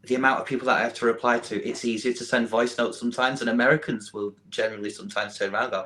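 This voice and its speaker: A man's voice: medium pitch, steady tone, very fast, few pauses, a bit bright. Giggly Mancunian man, chatty. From Manchester, England. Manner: giggly, self-deprecating, laughs often. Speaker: podcast guest. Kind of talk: casual chat.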